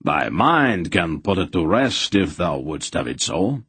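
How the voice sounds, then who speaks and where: A man voicing a formal, stiff young male knight who speaks in an old-fashioned, measured way. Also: low voice, very animated, a bit bright, slightly rough, dry recording, full character voice. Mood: lofty.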